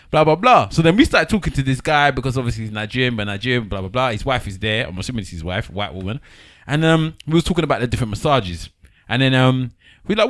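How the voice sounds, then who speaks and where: A man chats quickly and animatedly on a podcast. He tells a story and throws himself into the voices of the people in it. The sound is dry and close to the mic. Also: mid-range voice, no room sound. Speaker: podcast co-host. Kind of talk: casual chat.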